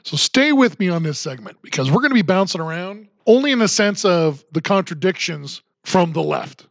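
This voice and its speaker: Man with a high voice, ranting sarcastically through his podcast, dry room. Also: sing-song, normal speed, vocal fry, fairly bright tone, no room sound. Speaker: podcast host. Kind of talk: solo political commentary podcast.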